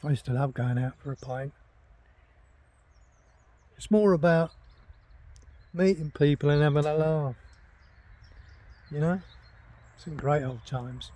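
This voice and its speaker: A man's voice: a little high, slow, pauses often, warm tone. An older retired man, chatting casually while he walks through a forest and talks to his dog. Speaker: vlogger. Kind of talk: casual walking vlog. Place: forest, outdoors.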